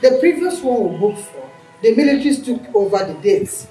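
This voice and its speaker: A firm, bossy mother runs the family's plans in a drama scene. Her voice sits at an ordinary pitch. It sounds echoey and a little distant from the mic. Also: sing-song, warm tone, soft background music. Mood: impatient. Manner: firm, bossy, quick to scold. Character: strong-willed middle-aged mother planning her son's wedding.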